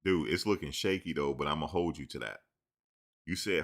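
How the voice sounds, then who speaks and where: A man hosting a casual live-stream sports talk show, teasing and answering his chat in an animated way. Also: rumbling low, a little fast, gravelly.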